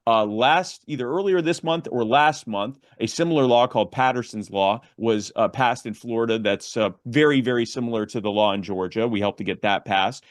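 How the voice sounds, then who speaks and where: Middle-aged man, interview guest, earnest, halting, dry close sound. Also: mid-range voice, no echo. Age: 40s or older. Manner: earnest, many restarts and fillers. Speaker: advocacy group guest. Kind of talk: interview, explaining legislation.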